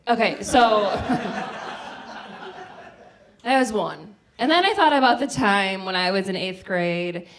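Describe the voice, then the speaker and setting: A woman's voice: mid-range voice, expressive, slow pace, pauses often, noisy background. A woman in her forties from the Midwest, telling a comic personal story on a small theater stage, chatty and full of "like". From American Midwest. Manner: chatty, lots of "like", acts out quoted voices. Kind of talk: live comedic storytelling.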